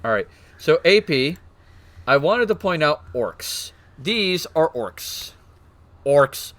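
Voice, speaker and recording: A man streaming, excitedly explaining game lore in casual chat, swearing and laughing. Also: on the high side, slow pace.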